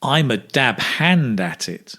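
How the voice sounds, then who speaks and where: A man teaching English speaking, modelling phrases slowly with exaggerated intonation for learners to repeat. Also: mid-range voice, very animated, pushed and bright. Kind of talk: slow, clear pronunciation drill.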